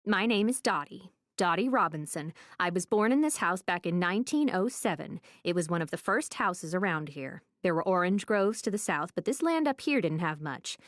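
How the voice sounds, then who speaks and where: A woman voicing a kindly, matter-of-fact old woman psychic in an audiobook, speaking slowly and soothingly. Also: lowish voice, animated, no echo, studio quality, lightly acted. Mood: reminiscing. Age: older. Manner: slow, soothing, motherly, calls everyone dear.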